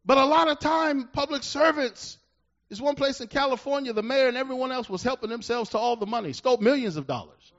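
A middle-aged male pastor preaching a sermon, building to loud emphatic bursts and slowing down to read verses. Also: very high voice, animated, dull audio.

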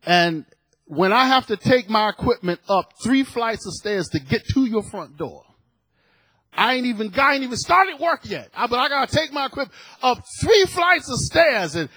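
Man in his fifties, preacher, high voice, dry close sound, emphatic sermon with repeated words. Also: very animated, normal speed, bright, forceful tone, breathy edge, no echo. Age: 50s.

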